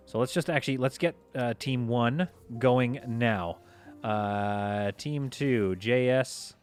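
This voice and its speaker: A man commentating live over a space strategy game, giving orders to his crew and reacting out loud as things go wrong. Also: mid-range voice, measured pace, faint music behind. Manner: excitable, talks to himself and his crew while playing. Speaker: gaming streamer.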